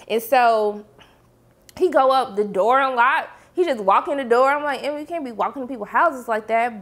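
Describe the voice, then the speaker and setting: A woman casually recapping a TV episode, acting out characters' lines in quick, animated voices. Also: high-pitched. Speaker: TV episode reviewer.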